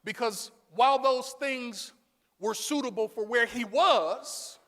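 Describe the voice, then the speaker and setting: A man preaching a sermon as pastor, calling on the congregation to answer back and building up to shouts. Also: very high-pitched, slow, in a large hall. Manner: call-and-response preaching, rising to shouts. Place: church sanctuary.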